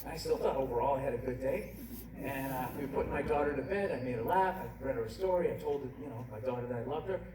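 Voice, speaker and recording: Middle-aged man, stand-up comedian, profane, ranting, self-mocking, far-off, loud laughing crowd. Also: medium pitch, fast talker. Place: large indoor comedy venue. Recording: distant echoey live hall, loud crowd. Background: roaring audience laughter.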